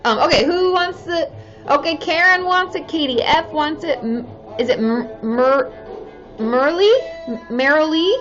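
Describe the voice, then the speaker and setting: A woman's voice: sits high, measured pace, fairly bright tone. A woman in her thirties, a therapist hosting a casual live stream, chatting with viewers in a bubbly way and cheering often. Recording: slightly dull sound with faint music behind.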